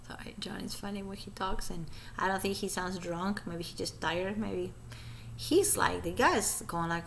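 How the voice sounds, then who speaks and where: A woman's voice: lowish voice, a little slow, creaky, a little hiss or hum. A woman giving chatty, gossipy commentary over a recording she plays.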